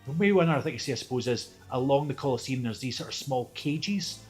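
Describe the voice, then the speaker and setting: Game-master narrator, male, mid pitch, animated with loose asides. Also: fast, soft background music. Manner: lively, laughs often, loose asides.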